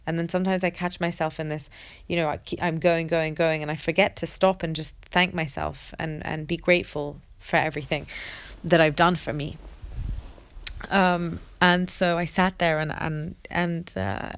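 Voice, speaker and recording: Earnest woman with a low, dry voice. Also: steady tone, clean tone. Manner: reflective, halting, many restarts and fillers; earnest and open, swears casually. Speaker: vlogger sharing a personal story. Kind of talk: candid personal monologue.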